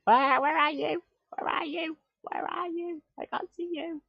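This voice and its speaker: A man putting on a small, fretful high voice that calls out plaintively, on dull lo-fi stream audio. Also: fairly even intonation, a little slow, gravelly, dry recording, exaggerated voice.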